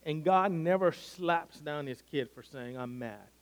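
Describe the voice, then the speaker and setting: Male pastor, slightly higher voice, earnest conversational sermon delivery. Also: measured pace. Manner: earnest, conversational preaching with frequent restarts.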